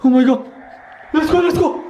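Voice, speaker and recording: A man's voice: extremely high pitch, moderate pace, warm tone, slight background noise. A young man acting out a scripted horror skit for his vlog, panicking and repeating his exclamations. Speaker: vlogger.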